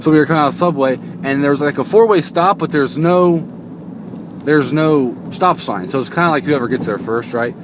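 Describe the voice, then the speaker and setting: A young man chats to his viewers while he drives, rambling, joking and breaking off mid-sentence. His voice sits at a middle pitch. He talks into a phone stuck to the car window, with steady road noise inside the car behind him. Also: normal speed. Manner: rambling, joking, self-interrupting. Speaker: vlogger. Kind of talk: casual chat to camera.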